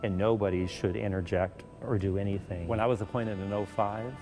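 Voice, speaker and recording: A man, a Catholic exorcist priest, calmly telling his experiences in an interview and acting out the voices he heard. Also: lowish voice, a little fast, faint music behind. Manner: calm storytelling, acts out voices.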